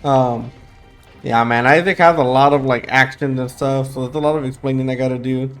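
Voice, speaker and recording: A man's voice: medium pitch, steady tone, fairly quick. Young man, sleepy and dry-throated, casual gameplay chatter, rambling, faint music underneath. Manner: rambling, thinks aloud with fillers and restarts. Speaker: gaming YouTuber.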